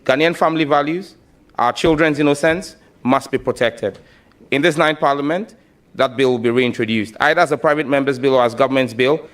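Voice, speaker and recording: A man answers a committee as a nominee, stating his positions emphatically. He speaks in formal testimony style. His pitch is middling for a man. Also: a little fast. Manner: emphatic, declarative. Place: parliamentary committee hearing room.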